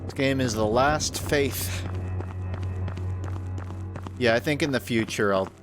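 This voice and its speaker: A man's voice: mid-range voice, takes it slowly, music in the background. A man streaming video game demos late at night and commenting casually, with offhand jokes. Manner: joking, offhand, tired late-night banter. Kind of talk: casual live commentary while gaming.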